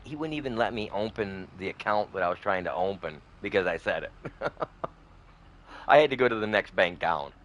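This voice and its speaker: A man's voice: fairly low pitch, a bit bright, a little hiss or hum. A man chats away while streaming a farming game. He rambles loosely from one story to the next. His talk is full of folksy slang and friendly asides to his viewers. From northern Michigan, USA. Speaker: gaming streamer. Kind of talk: casual chat while gaming.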